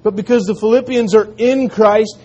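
Earnest high-voiced preaching man. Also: fairly even intonation, normal speed, dull audio. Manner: earnest preaching, dropping to quiet emphatic lines. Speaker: pastor. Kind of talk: sermon.

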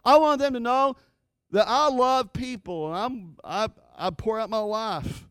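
Male pastor, middle-aged, high voice, fervent sermon, dry close sound. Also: measured pace, a bit bright, clean tone, no room sound. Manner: impassioned preaching, rising and falling emphasis.

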